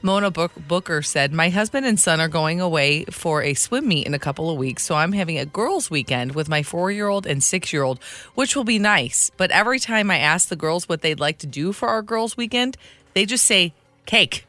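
Female morning-show co-host, animated banter and read-outs. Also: on the low side, moderate pace. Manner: amused, chatty, reads listener posts aloud. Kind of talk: casual radio banter.

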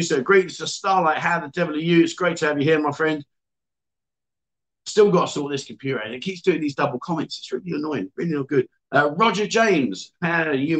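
A man hosts a casual livestream from an indoor venue. His voice sits slightly higher than most men's. He rambles through viewer greetings with frequent fillers and restarts. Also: rough recording. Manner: chatty, reads viewer comments aloud with frequent fillers. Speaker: livestream host.

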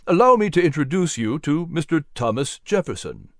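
A man voicing a gracious older gentleman in a storybook reading, courtly and unhurried. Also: fairly high pitch, sing-song, dry recording, studio quality, voice pushed up.

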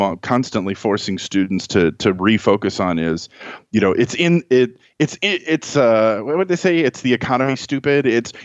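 A man's voice: mid-range voice, no room sound. Male podcast guest tutor, chatty explainer, dry slightly muffled recording. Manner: conversational, many restarts and "right?" tags.

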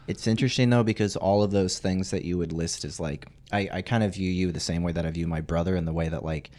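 Man, very low voice, podcast co-host, rambling reflective chat, laughs easily. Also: fairly even intonation, fast talker, a little mellow. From Arizona. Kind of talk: casual chat.

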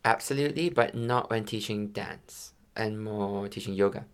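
A man's voice: lowish voice, moderate pace, smooth. A man who teaches yoga, talking reflectively in a podcast conversation and musing aloud, often adding "you know" as he searches for words.

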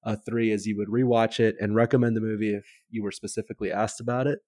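A man with a lowish voice and a dry, close sound, explaining a podcast's rating system. He states his verdict plainly and moves on. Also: level tone, fast, darkish tone, no room sound. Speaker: podcast co-host. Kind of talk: casual chat.

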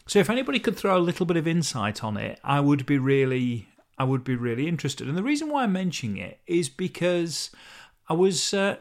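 A man hosting a casual solo podcast, talking in a rambling, chatty way and often correcting himself mid-sentence. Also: a little high. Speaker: podcast host.

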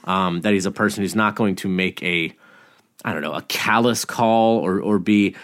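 A man co-hosting a podcast, chatting casually and excitedly about a TV episode, laughing often and swearing freely. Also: low-pitched, moderate pace. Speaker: podcast co-host. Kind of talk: casual TV rewatch podcast chat.

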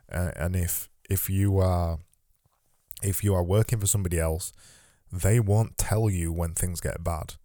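A man's voice: deep voice, warm tone, no room sound, clean studio sound. A man hosting a casual conversation, emphatic and repeating words as he starts sentences, a little worn in the voice. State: losing his voice. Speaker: podcast host.

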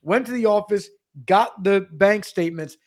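A man's voice: sits high, normal speed. A young man telling a comedic story as a podcast co-host, ranting profanely. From Pennsylvania.

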